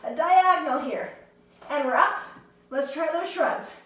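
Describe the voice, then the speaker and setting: A woman's voice: high-pitched, a little slow, a bit bright, heavy reverb, far from the mic, rough recording. A woman teaching a handstand class, encouraging her students and counting reps aloud, a little out of breath. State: slightly out of breath. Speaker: handstand instructor. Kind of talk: fitness class instruction.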